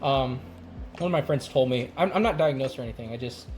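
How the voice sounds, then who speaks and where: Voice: mid-range voice, a little fast, darkish tone, soft background music. A streamer chatting casually while cooking on a live stream, rambling and laughing often. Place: home kitchen.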